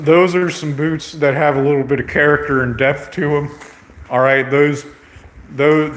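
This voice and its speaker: A man's voice: fairly high pitch, fairly bright tone. A man ranting in a brash, profane, comedic vlog, repeating himself and tagging lines with "okay?". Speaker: vlogger. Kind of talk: rambling comedic rant.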